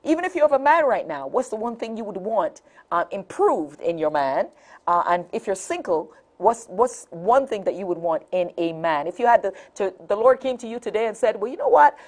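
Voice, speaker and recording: Animated woman hosting a call-in show. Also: medium pitch, fairly quick. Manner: animated storyteller, laughs often, repeats phone numbers. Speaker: talk show host. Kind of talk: lively call-in show talk.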